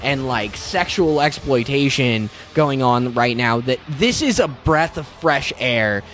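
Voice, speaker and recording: A man's voice: mid-range voice, expressive, slow, fairly bright tone, soft background music. A man co-hosting a movie podcast, ranting and joking in casual chat. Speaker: podcast co-host.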